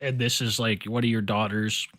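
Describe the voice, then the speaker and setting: A man's voice: fairly low pitch, steady tone, normal speed, fairly bright tone, no echo, studio quality. A man streaming live, giving crude, rambling, mocking commentary to his chat. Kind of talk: casual chat to stream viewers.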